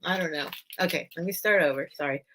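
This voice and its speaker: A woman hosting a casual live sale stream, reading a children's book aloud and choking up, with halting restarts. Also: low voice, sharp tone, slight background noise. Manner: emotional, choking up while reading; slow, halting, with many restarts.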